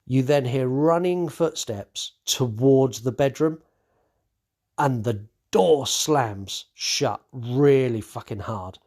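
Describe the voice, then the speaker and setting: A man's voice: mid-range voice, slow, a little mellow. Man, podcast host, casual movie recap, swears a lot, lots of fillers and restarts. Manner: swears freely, acts out characters' lines.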